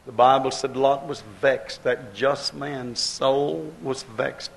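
A man preaching a fervent sermon, repeating phrases and breaking into sudden loud outcries. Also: medium pitch, steady tone, slow, gravelly, rough recording.

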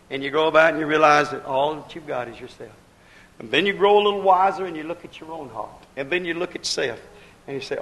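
A man preaching a fervent sermon, repeating phrases and breaking into sudden loud outcries. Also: fairly high pitch, fairly quick, gravelly, low-quality recording.

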